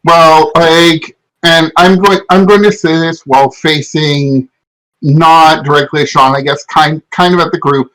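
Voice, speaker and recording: A man's voice: a little high, steady tone, measured pace, a bit bright, rough recording. A man playing a tabletop role-playing game, sarcastic and goading in character. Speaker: player.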